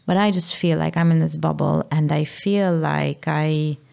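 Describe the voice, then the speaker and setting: A Maltese-accented woman, a mother talking candidly about her sick child, pausing and searching for her words. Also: low voice, steady tone, vocal fry, a little mellow. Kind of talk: candid emotional conversation.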